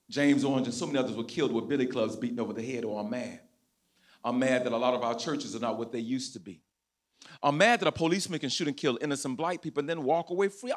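A man's voice: mid-range voice, a bit bright. A man performing a passionate spoken-word poem in a large auditorium, building rhythmic, repeated declarations. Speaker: guest speaker at a community event.

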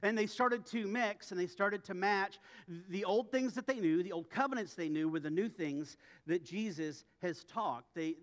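A man preaching a sermon as a pastor, in a conversational way with joking asides. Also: high-pitched. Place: church sanctuary. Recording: long church reverb.

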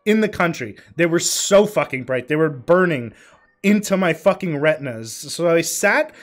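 A man in his twenties telling a story from his past in a casual vlog, swearing freely, breaking into laughter mid-sentence and filling pauses with ums. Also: a little high, animated, soft background music. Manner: lots of ums and uhs. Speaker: vlogger.

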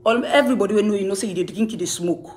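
This Sierra Leonean Krio-accented woman, a music manager, hits back at accusations to camera in a heated, accusing, emphatic and repetitive way. She talks rapid-fire at medium pitch, her tone a little mellow, with a slight hiss or hum on the recording.

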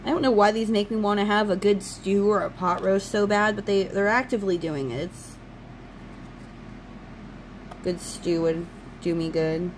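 Casting: woman vlogger, mid-pitched, gushing fan chatter, casual unboxing. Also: fairly even intonation, normal speed, pauses often, slight background noise, low-quality recording. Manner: gushing, enthusiastic fan talk. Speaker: channel host.

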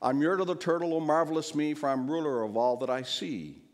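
A man putting on a pompous, bellowing turtle king from a storybook, his voice pushed high and loud as he brags and commands. The sound rings with a long church reverb. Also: fairly even intonation, fast talker, natural voice. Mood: boastful. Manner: shouting, bragging, imperious. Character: boastful tyrant turtle king, male.

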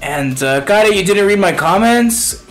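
A young man streaming a video game live, chatting excitably to viewers in slang and calling everyone bro. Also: sits high, moderate pace. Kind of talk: live gameplay commentary.

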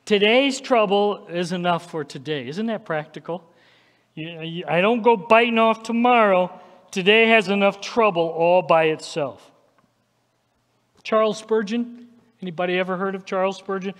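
A man's voice: sits high, moderate pace, in a large hall. A man preaching a sermon as pastor, emphatic and checking in with his listeners with a repeated "okay?". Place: church sanctuary.

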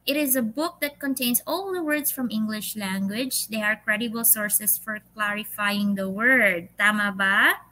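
Bright-voiced Filipino woman teacher. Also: medium pitch, poor audio. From Philippines. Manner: patient, drawn-out quiz reading mixing English and Tagalog fillers. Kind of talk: online English lesson.

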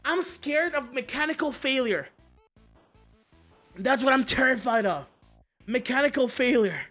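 Excitable, foul-mouthed male streamer. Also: very high voice, unhurried, soft background music. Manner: excitable, swears a lot, laughs while telling stories. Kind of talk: casual game stream chat. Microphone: streaming mic.

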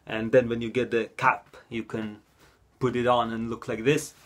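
A man hosting a mock tutorial comedy vlog outdoors in a park, with an earnest, deadpan delivery and stammered restarts. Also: medium pitch, moderate pace, no room sound. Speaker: comedy vlogger.

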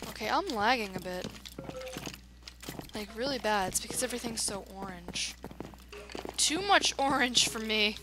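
A woman's voice: on the high side, expressive, normal speed, long pauses, background noise. A woman chatting through a let's play, reacting aloud to the game as she goes. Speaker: gamer.

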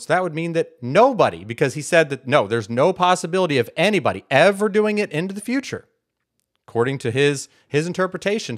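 A man hosting a Bible teaching video, arguing his point emphatically and repeating words for stress. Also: mid-range voice. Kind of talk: casual apologetics monologue.

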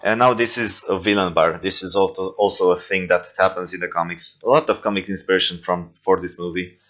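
Reacting casually to his own toy movies, a young non-native English speaker with a deep, low voice talks fairly quickly with fairly even intonation and a slightly bright tone. His delivery is loose and rambling, full of "uh" and corrections.

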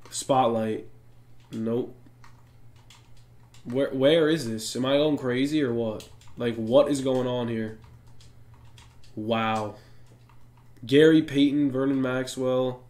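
A young man giving excitable, slang-heavy commentary on a basketball video game and talking straight to his viewers. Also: medium pitch. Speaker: gaming YouTuber. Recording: echoey room with faint music.

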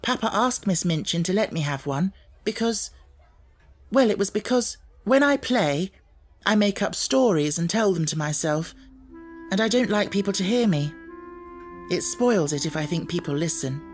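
A man reading an audiobook, voicing an imaginative, self-assured little girl who speaks in an earnest, gently coaxing way. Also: high-pitched, expressive, moderate pace, faint music behind, pitched above the performer's own voice.

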